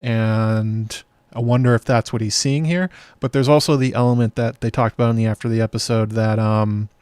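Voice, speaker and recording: A man hosts a casual breakdown of a show in a middle-pitched voice. He talks it through in a chatty way, thinking out loud with fillers and restarts. The recording is dry and close, with no room sound. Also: fairly even intonation, moderate pace, smooth, no room sound. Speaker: show host. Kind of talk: casual episode breakdown with chat.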